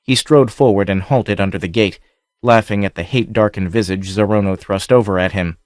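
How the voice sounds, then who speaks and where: A man reading an adventure novel aloud in steady, measured scripted narration. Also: fairly low pitch, no room sound, studio quality. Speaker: audiobook narrator.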